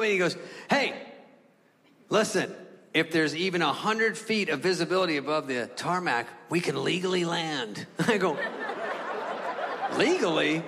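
A male stand-up comedian tells a story, and his voice jumps high and panicky when he acts himself out. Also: expressive, unhurried, pauses often, fairly bright tone, breathy edge. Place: comedy club stage before an audience. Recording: live from a hall with crowd noise. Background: audience laughter.

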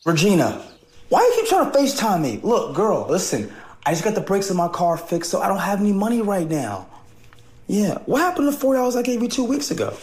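A man's voice: big pitch swings, fairly quick, darkish tone, echoey room. An actor playing a slangy, evasive young man who talks his way out of things and sweet-talks his girlfriend. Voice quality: slangy and smooth, low and coaxing with a lover. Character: smooth-talking young man, evasive and charming. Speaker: young father dodging responsibility.

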